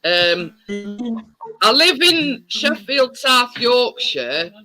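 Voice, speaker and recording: A woman's voice: fairly high pitch, sing-song, drawn-out words, bright, forceful tone, faint music behind. A woman from Nottinghamshire with an East Midlands English accent, hosting a casual live chat, laughing often and reading out viewer comments. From Nottinghamshire, England. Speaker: host of a live chat stream.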